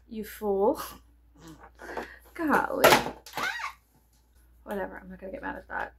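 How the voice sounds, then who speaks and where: Over some background noise, a young woman with a gravelly, medium-pitched voice talks slowly, leaving long pauses. Chatting to camera for her viewers, she rambles playfully, swears often, and shifts from near whispers to abrupt squeals.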